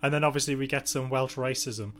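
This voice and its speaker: A man's voice: mid-range voice, steady tone, brisk, a little hiss or hum. A man co-hosting a podcast in casual chat, throwing in dry, teasing quips. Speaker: podcast co-host. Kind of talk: casual chat recapping a TV episode.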